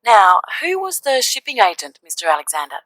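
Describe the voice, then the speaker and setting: An actress playing a businesslike woman clerk who asks brisk questions in a scripted listening-test dialogue. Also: on the high side, huge pitch swings, a bit bright, dry recording, exaggerated voice, rough recording. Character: businesslike adult woman clerk filling in a form. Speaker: clerk taking details.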